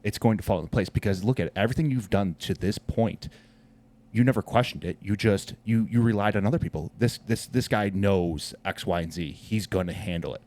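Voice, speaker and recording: A man's voice: fairly low pitch, a little fast, a little mellow. A man hosting a podcast, talking earnestly and encouragingly to his guest, calling him brother. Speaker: podcast host. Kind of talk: casual podcast conversation.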